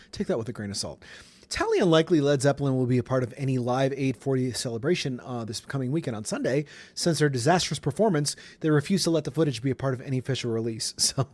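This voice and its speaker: A man's voice: medium pitch, a little mellow. A man hosting a podcast, chatting casually through celebrity news with wry asides and little chuckles. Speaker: podcast host. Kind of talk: casual pop culture podcast monologue. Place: Colorado studio.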